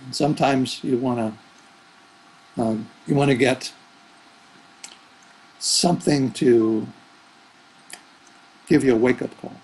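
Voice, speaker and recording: A man's voice: mid-range voice, takes it slowly, pauses often, a little mellow, breathy edge, rough recording. A man who is a spiritual teacher, giving rambling, thoughtful answers in an interview. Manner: rambling, thoughtful, with fillers and restarts.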